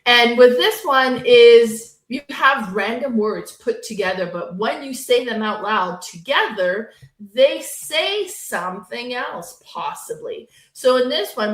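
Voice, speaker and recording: A woman co-hosting a board game podcast in casual chat, talking loudly with a strong voice. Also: on the high side, animated, normal speed, few pauses. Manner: loud, strong voice. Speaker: podcast co-host. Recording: roomy echo.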